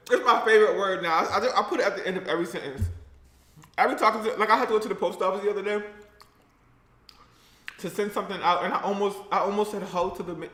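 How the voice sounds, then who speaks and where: A man's voice: sits high, sharp tone, echoey room, a little hiss or hum. A man chatting playfully and sassily in a casual eating vlog. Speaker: vlogger.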